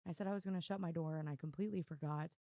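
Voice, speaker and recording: Hoarse woman podcast host, gravelly, dry close sound, rambling self-deprecating chat. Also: deep voice, steady tone, rapid-fire, dark tone, no room sound. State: losing her voice. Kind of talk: casual chat. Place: room at home with dogs. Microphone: desk mic on video.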